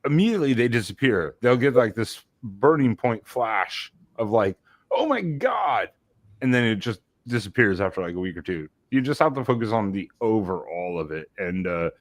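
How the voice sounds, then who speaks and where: Male podcast co-host, lowish voice, rambling and profane, dry close sound. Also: lively intonation, brisk, hardly any pauses, no room sound. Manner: rambling, many restarts, swears freely. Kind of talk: casual chat.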